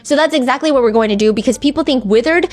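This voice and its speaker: A woman's voice: sits high, fast, a little mellow. A woman hosting a podcast, telling a true-crime story in a casual, chatty way, often saying "like" and reading quotes aloud. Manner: chatty, filler-heavy, reads quotes aloud. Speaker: podcast host.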